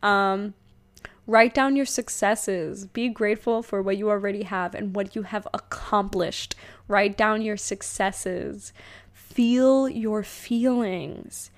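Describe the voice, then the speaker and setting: A young woman hosting her own podcast, talking casually and rambling, with lots of fillers and self-corrections. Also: mid-range voice. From United States. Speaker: podcast host. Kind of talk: casual solo podcast monologue.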